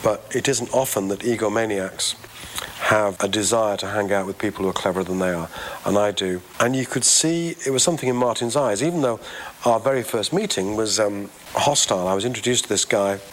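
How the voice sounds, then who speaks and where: A man's voice: fairly low pitch, fairly quick. A middle-aged man, the founder of a record label, telling wry, self-mocking anecdotes in an archive interview. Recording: faint background noise.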